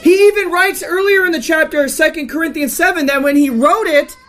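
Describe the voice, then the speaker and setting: A woman's voice: very high-pitched, fairly quick, fairly bright tone. A woman reading scripture and preaching an emphatic, rebuking sermon.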